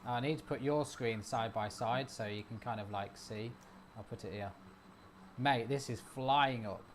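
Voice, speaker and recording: A man hosting a live stream, chatting casually and cheering on his trades out loud. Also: medium pitch, a little slow, slight background noise. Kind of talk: casual chat.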